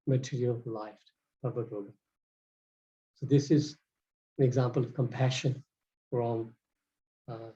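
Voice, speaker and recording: A man's voice: medium pitch, warm tone, muffled recording. A man giving a devotional scripture lecture, telling stories in an earnest, stop-start way.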